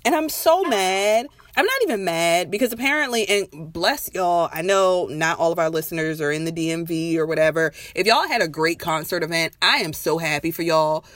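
A woman's voice: on the low side, lively intonation, moderate pace, hardly any pauses, fairly bright tone, no room sound. A woman in her thirties co-hosting a podcast, ranting bluntly in casual slang. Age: 30s. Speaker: podcast co-host. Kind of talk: casual chat.

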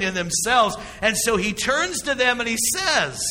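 A man preaches a sermon with a high, very bright voice, pressing his points and asking the congregation rhetorical questions. His delivery swings between hushed and emphatic. The sound carries the long reverb of a church sanctuary. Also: sing-song, a little slow, few pauses. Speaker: pastor.

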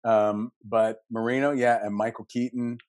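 A man from Western Pennsylvania in his fifties with a Pittsburgh accent, a podcast guest telling animated, jokey stories. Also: mid-range voice, no room sound. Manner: animated storyteller, jokey, quick asides. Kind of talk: casual podcast interview.

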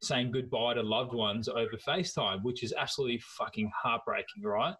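A man's voice: medium pitch, brisk, husky, low-quality recording. Australian man hosting a casual podcast. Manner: relaxed, conversational, swears casually. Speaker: podcast host.

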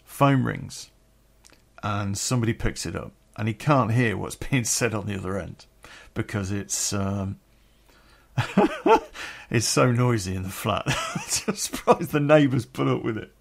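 A middle-aged Englishman recounts an old memory in a candid, rambling way, with plenty of swearing. His voice is gravelly, and he takes his time, leaving long gaps between words. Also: fairly low pitch, expressive, a little slow. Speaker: podcast storyteller. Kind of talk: personal storytelling.

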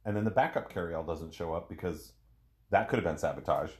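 A man's voice: sits low, a little fast, darkish tone. A man co-hosting a podcast, talking casually about a film and acting out little quotes. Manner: enthusiastic, acts out quotes, hedges with "you know". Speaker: podcast co-host.

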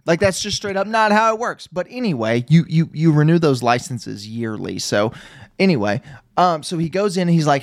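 Male podcaster, casual sarcastic recap, slightly high, dry close mic. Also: expressive, moderate pace, dry recording. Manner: rambling, sarcastic storytelling with many fillers. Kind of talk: casual movie recap chat.

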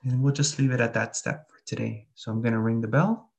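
A man gives an earnest Buddhist teaching in a plain, unpolished way, pausing on fillers as he goes. His voice sits at a middle pitch with a gravelly edge. He also guides listeners through a slow breathing meditation. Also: steady tone, a little mellow. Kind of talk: dharma talk and guided meditation.

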